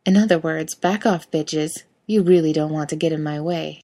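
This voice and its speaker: A woman's voice: medium pitch, normal speed, darkish tone, close to an everyday voice. A woman playing a defiant smirking sister. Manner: blunt, defiant.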